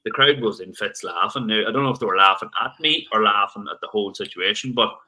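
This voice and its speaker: A man's voice: on the low side, pushed and bright, rough recording. A man with a Northern Irish accent, a podcast guest rambling through stories in casual chat. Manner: rambling, quick, restarts sentences.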